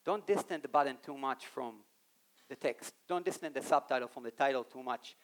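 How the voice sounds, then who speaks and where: A man giving an animated live talk on a conference stage, speaking straight to the audience and acting out quoted voices. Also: medium pitch, a little fast. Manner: animated, addresses the audience directly.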